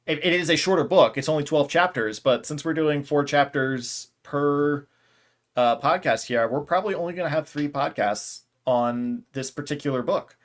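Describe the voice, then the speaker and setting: Wry, relaxed podcast co-host man. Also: fairly high pitch, moderate pace. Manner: relaxed, wry, organizes the discussion. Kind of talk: casual book club chat.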